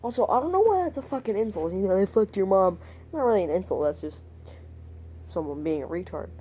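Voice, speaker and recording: A man's voice: high voice, lively intonation, a little fast, warm tone, slightly rough. A young man telling a story in a rambling vlog monologue, crude and profane, trailing off topic and muttering whispered asides. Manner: meandering, drifts off topic. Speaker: vlogger.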